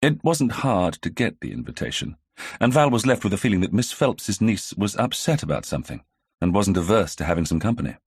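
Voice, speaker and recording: A man narrating an audiobook in a measured, even storytelling manner. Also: low voice, breathy edge, no echo, clean studio sound. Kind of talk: scripted narration.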